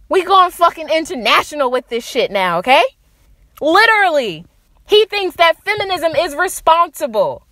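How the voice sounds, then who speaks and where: A woman's voice: very high-pitched, very animated, normal speed, sharp tone, dry recording, clean studio sound. A young adult woman hosting a solo podcast, ranting angrily and sarcastically with plenty of swearing. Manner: angry, profane, sarcastic. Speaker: podcast host. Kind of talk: impassioned solo rant.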